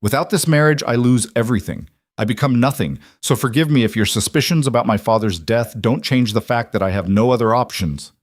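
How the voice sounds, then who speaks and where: A man's voice: medium pitch, animated, a little fast, warm tone, no echo, clean studio sound, close to an everyday voice. A man voicing a cornered young bride who pleads and argues with rising desperation. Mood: distraught.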